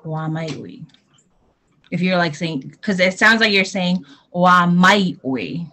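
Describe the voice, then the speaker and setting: Slow, hesitant adult coaching pronunciation. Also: medium pitch, sharp tone. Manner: hesitant, slow, models words slowly. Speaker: helper correcting pronunciation. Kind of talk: casual coaching in a class.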